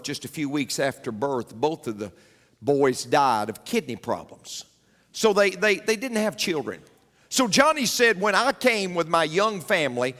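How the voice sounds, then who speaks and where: Preacher guy, kinda high voice, repeats his lines, long echo like a big church. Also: a bit bright. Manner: storytelling preacher, repeats key phrases for emphasis. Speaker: pastor. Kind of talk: sermon.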